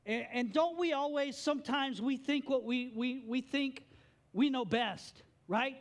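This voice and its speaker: A man preaching a sermon as pastor, animated, with playful joking asides. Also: very high voice, measured pace.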